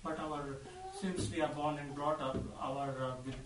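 A man's voice: fairly high pitch, flat delivery, rough recording. Hesitant man asking a question. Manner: hesitant, halting. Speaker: audience member asking a question.

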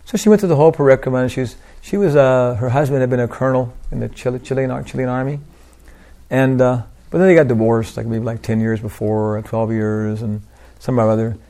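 An older man giving an informal devotional talk, rambling through anecdotes with lots of "you know" and soft laughs. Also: mid-range voice, fairly even intonation, a little fast. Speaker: preacher.

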